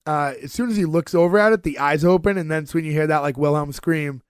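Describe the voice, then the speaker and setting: A man's voice: on the high side, fast, clear, resonant tone, no room sound. Chatty man recapping a show, dry sound. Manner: animated, lively retelling with many fillers. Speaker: podcast co-host. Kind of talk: casual chat recapping a TV episode.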